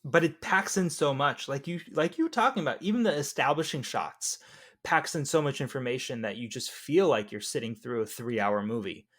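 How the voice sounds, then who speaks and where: A man's voice: medium pitch, animated, brisk, a bit bright. Easygoing man co-hosting a podcast. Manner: easygoing, reflective, hedging with fillers. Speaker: podcast co-host. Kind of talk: casual movie review chat.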